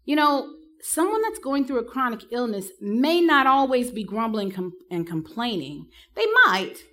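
A woman's voice: a little high, moderate pace. A woman giving a live talk to counselors, telling stories with humor and acting out the people she quotes. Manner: lively, humorous storytelling with acted-out quotes. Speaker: speaker teaching counselors.

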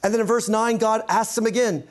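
High-voiced man teaching with emphasis. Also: steady tone, a little fast. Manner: emphatic, repeats key points, asks "right?". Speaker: pastor and counseling instructor. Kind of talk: teaching lecture.

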